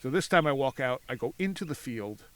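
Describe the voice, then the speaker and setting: A man telling a story as a podcast guest outdoors at a cemetery, animated, acting out voices in his anecdotes and laughing often. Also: medium pitch, fairly quick. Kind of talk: casual storytelling.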